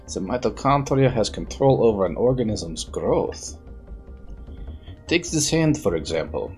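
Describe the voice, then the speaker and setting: A man's voice: fairly low pitch, very animated, measured pace, darkish tone, soft background music. Man putting on a smug accented mad scientist. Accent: put-on German-Russian accent. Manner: lecturing, theatrical. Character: eccentric older male scientist, lecturing, smug.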